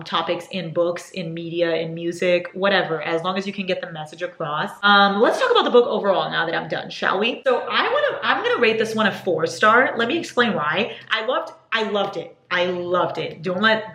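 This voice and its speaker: A woman's voice: fairly low pitch, fairly bright tone. Gushing woman book vlogger, echoey room. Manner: gushing and profane. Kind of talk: casual book review chat. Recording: roomy echo.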